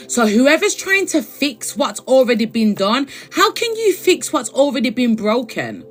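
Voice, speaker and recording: Woman, spiritual reader, friendly "okay, babes" patter, slightly high voice, faint music under her. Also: huge pitch swings, measured pace, hardly any pauses, a bit bright. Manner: chatty, affectionate, keeps asking "okay?". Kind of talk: live-stream spiritual advice.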